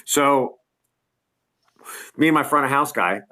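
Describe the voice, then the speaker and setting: A man's voice: medium pitch, slow, sharp tone. A middle-aged man, a lighting designer and guest, telling a tour story in a casual way, acting out quotes and laughing often, over a video call from his home.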